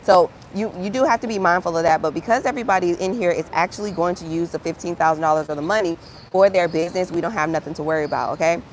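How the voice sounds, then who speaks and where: A woman's voice: on the low side, quick pace, a little hiss or hum. A woman hosting a livestream as a grant writer, chatting casually and encouragingly with her viewers. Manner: upbeat, encouraging, chatty, calls viewers "friend".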